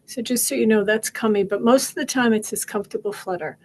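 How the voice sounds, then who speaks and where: A middle-aged woman practitioner gently coaching listeners through a guided tapping exercise, repeating phrases in a steady rhythm. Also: fairly high pitch, fast, rough recording. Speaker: wellness practitioner leading a session.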